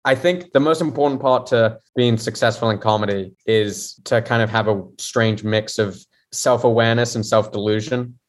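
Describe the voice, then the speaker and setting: This man, a comedian from London, England, is a guest on a laid-back podcast, talking openly with plenty of self-mockery and frequent laughter. His voice leans low, and he speaks at a normal speed with few pauses.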